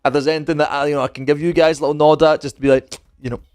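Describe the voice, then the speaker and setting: A young man telling a story in casual, animated chat, swearing freely and acting out what other people said. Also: on the high side, rapid-fire. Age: young adult. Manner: animated, profane, acts out other people's lines. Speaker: streamer.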